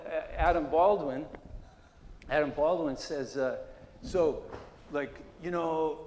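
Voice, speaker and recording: A man in his sixties telling a lively anecdote to an audience at a gallery talk, acting out the quotes and laughing often. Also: a little high. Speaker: guest speaker. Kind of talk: live anecdote before an audience. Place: gallery exhibition talk, hall before an audience. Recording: echoey hall, noisy room.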